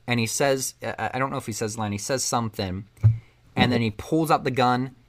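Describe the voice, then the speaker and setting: A man in casual chat, rambling through a movie plot and acting out the characters' lines along the way. His voice sits at an ordinary middle pitch, and he keeps the story rolling. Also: brisk. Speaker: co-host recapping a film.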